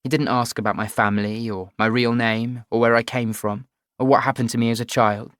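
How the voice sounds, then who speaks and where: A man narrating a first-person audiobook in a measured, even storytelling voice. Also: medium pitch, clear, resonant tone, dry recording, clean studio sound.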